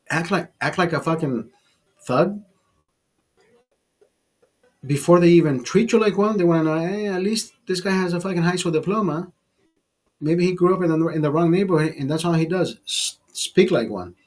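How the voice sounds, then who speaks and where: A fifty-year-old man talks straight to the camera in a blunt, profane rant. His voice is husky and a little high for a man. He trips over words and repeats himself as he pushes his point. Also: a little mellow. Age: 50s. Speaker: vlogger. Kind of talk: casual ranting monologue.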